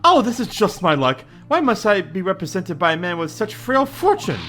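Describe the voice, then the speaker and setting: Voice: mid-range voice, sing-song, moderate pace, fairly bright tone, soft background music, pitched above the performer's own voice. A player reading a game's anxious, melodramatic young male scholar, wailing and exclaiming theatrically. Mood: indignant.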